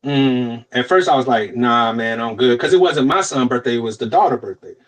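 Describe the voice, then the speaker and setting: On a podcast, a young adult co-host with a mid-range voice talks fairly quickly through a long story. He keeps it casual and profane, staying animated and playing out other people's quotes in different voices.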